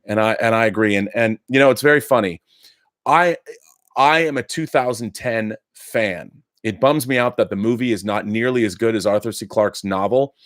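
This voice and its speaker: A man's voice: fairly low pitch, moderate pace, fairly bright tone, no room sound. Man, middle-aged, live-stream host, chatty, enthusiastic, dry recording. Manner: chatty, enthusiastic, frequent restarts and fillers. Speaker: live show host reading viewer letters. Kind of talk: casual live-stream chat.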